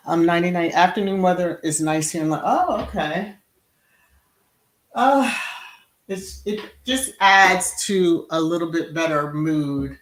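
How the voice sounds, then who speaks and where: Woman, middle-aged, livestream host; slow, chatty, laughs easily, echoey room. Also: lowish voice, expressive. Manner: chatty, reacts aloud to viewers, laughs often. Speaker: channel host. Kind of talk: casual livestream chat reading comments. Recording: roomy echo.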